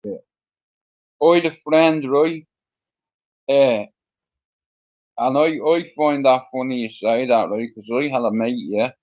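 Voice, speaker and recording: A man's voice: mid-range voice, slow, long pauses. A middle-aged man from Ireland with a Dublin accent, a guest telling his story in a rambling, casual way, full of fillers and swearing. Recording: dull lo-fi sound.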